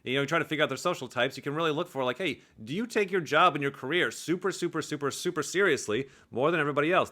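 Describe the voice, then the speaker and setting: A man giving casual, profane commentary on video clips, animated and laughing often. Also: medium pitch. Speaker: personality typing commentator.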